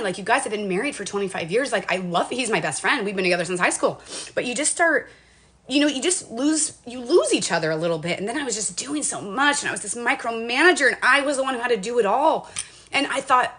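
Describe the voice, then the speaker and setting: On a motivational livestream, a woman in her forties from Washington State, a lifestyle streamer, speaks in a casual, heartfelt and emotional way, rambling with many restarts. Her voice is on the high side with a fairly bright tone.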